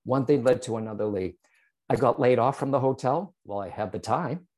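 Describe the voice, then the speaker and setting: Talking fairly quickly in a medium pitch, a psychic medium relays his story to an interviewer. He's animated and speaks directly to the host, regularly checking in with "right?" and "okay?"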